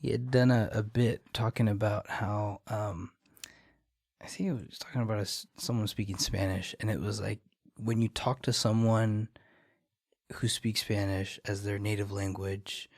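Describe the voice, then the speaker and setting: A man's voice: lowish voice, steady tone, moderate pace, creaky, a little mellow, no room sound, clean studio sound. A young man, a barber guest on a podcast, chatting casually and telling rambling stories full of fillers. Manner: rambling storyteller, many "like" fillers. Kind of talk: casual chat.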